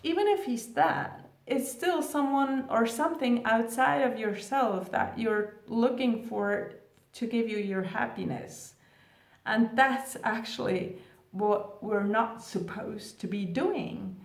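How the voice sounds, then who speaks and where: A twin-flame coach talks casually to her viewers in a slightly high, slow voice, giving advice to camera with lots of rhetorical questions and "like" fillers. The room sounds echoey.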